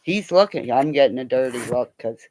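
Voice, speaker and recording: A woman's voice: a bass voice, animated, brisk, darkish tone, a little hiss or hum. An older woman signing off a livestream from home on her computer, rambling and joking crudely. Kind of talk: casual livestream sign-off chat. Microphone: computer mic.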